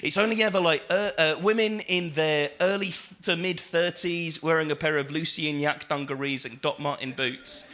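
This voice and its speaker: A man performing stand-up on a comedy stage, his voice pitched high and strikingly bright and sharp. He talks in a loose, chatty way full of fillers and swearing, then pushes up into shouted punchlines. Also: steady tone, normal speed, few pauses. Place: comedy stage with live audience.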